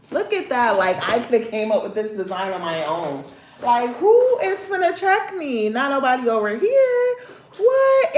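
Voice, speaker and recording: A woman in a casual nail vlog, talking in an excitable, slangy way. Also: mid-range voice. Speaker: nail vlogger. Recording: roomy, echoey home recording.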